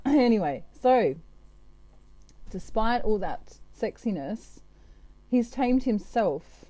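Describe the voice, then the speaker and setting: A woman's voice: on the high side, expressive, very slow, long pauses, warm tone, dry recording. A woman giving a casual, chatty tarot reading, full of fillers and asides. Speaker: tarot reader.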